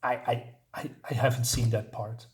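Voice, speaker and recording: A man's voice: medium pitch, flat delivery, normal speed. A man giving a blunt, sarcastic, casual spoken review of a comic book, swearing now and then.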